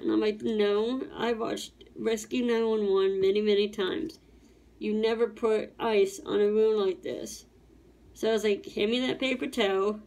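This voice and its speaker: A woman's voice: mid-range voice, a little mellow. Rambling woman telling a personal story. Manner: rambling, repeats words and restarts, acts out quotes. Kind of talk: casual storytelling vlog.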